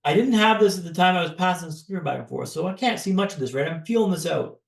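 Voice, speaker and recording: A man from Canada, a podcast guest, telling a personal story in a dramatic, paced way with pauses. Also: sits high, lively intonation, creaky, roomy sound.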